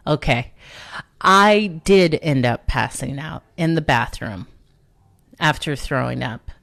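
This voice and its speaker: Slow, low-voiced woman telling a story. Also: lively intonation, vocal fry, fairly bright tone, no room sound. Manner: conversational, self-mocking, laughs often. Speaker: storyteller host. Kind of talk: casual personal storytelling.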